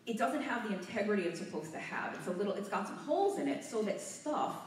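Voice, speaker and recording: A nervous, out-of-breath woman giving an animated talk to a live audience in a hotel meeting room, using a handheld mic. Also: fairly high pitch, a little hiss or hum. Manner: animated, laughing, a bit nervous. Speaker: guest speaker. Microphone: handheld mic, recorded from far off. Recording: echoey room from far off.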